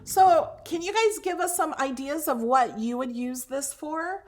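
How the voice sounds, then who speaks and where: A woman's voice: high voice, unhurried. A woman hosting a craft livestream, chatting casually with viewers, gushing over her projects with fillers and restarts.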